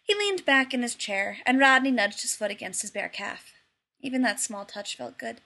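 A woman reading a story aloud in a lively, expressive narration. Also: mid-range voice, normal speed, gravelly. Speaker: reader.

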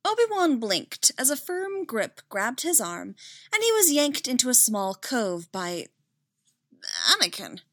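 Woman reading fanfic aloud, slow and measured, super dry close mic. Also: fairly high pitch, big pitch swings, fairly bright tone, no echo. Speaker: reader. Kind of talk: fan audiobook narration.

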